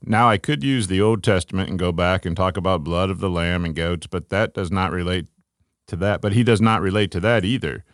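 A man co-hosting a casual faith podcast, thinking aloud with relaxed fillers and restarts. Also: low voice, a little fast, dry recording, studio quality. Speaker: podcast co-host.

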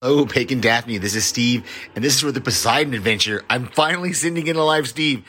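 A man's voice: mid-range voice, fairly quick, bright, forceful tone, breathy edge. Male listener, casual running movie commentary, chatty and amused. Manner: chatty, chuckles often while reacting. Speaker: listener sending a voicemail.

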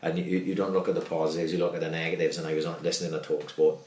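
A man's voice: rumbling low, level tone, rapid-fire, darkish tone, roomy sound. A man in casual football chat, sweary and rambling as he tells stories.

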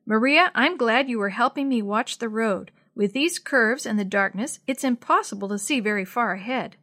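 A woman reading a calm, steady father. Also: a little high, normal speed. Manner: calm, reassuring, gives orders. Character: kind steady father, middle-aged man.

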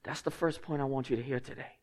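A man preaching a sermon as pastor, moving between quiet, low passages and loud, emphatic ones. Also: steady tone, quick pace, slightly rough, long reverb tail.

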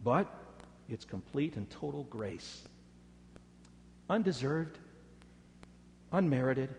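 A man preaching a sermon, swinging dramatically between loud emphasis and hushed words. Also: medium pitch, sing-song, slow, gravelly, slight background noise. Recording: echoey hall reverb.

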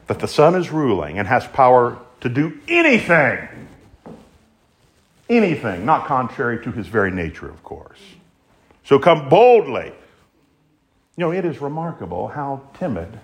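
A male preacher delivering a sermon in an emphatic way, building up to strong exclamations. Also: medium pitch. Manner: animated, emphatic, rises to exclamations.

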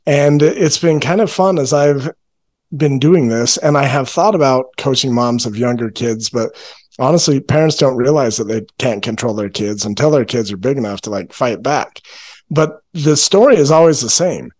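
A man with a voice of ordinary middle pitch, talking as a parenting coach in a relaxed podcast chat. He explains ideas earnestly and slows down to stress his key points.

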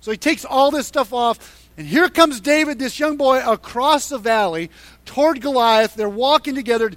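A man preaching a sermon, retelling a Bible story in an animated way and driving points home through emphatic repetition. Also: extremely high pitch, normal speed, dry recording. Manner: emphatic, repeats points for stress. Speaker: pastor.

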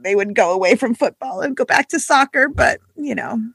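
A woman's voice: a little high, expressive, fairly quick, gravelly, fairly bright tone, husky, no room sound, studio quality. A woman in her forties, co-hosting a podcast and chatting casually, telling stories with lots of laughter. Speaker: podcast co-host. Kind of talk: casual chat.

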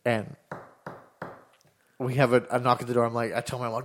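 A man's voice: mid-range voice, level tone, brisk, pauses often, a bit bright, a little hiss or hum. Young male storyteller, casual, profane, voices the other people in his story. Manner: rambling, swears freely, acts out dialogue.

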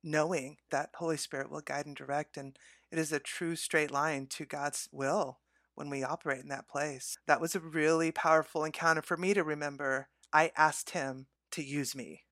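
A woman's voice: low voice, steady tone, normal speed, fairly bright tone, studio quality. Woman telling a heartfelt story on a faith podcast, earnest, no room echo.

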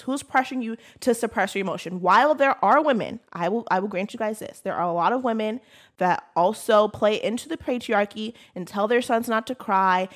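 A woman's voice: medium pitch, fairly bright tone. A woman making her case firmly as a guest in a casual podcast discussion. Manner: emphatic, argumentative.

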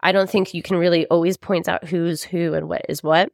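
A woman's voice: fairly low pitch, fairly even intonation, fairly quick, vocal fry, no echo, clean studio sound. A woman co-hosting a podcast, telling a story in a casual chat, laughing often and swearing freely. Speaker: podcast co-host.

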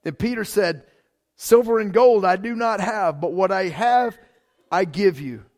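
A man's voice: high-pitched, unhurried, darkish tone. A man preaching a sermon as pastor, talking in a loose, conversational way with frequent repeats and fillers like "man" and "like.".

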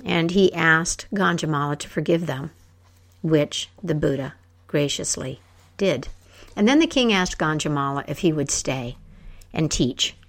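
A woman telling a folk tale aloud, acting out the characters with lively voices. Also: low-pitched, a little slow. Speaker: storyteller. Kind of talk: oral storytelling.

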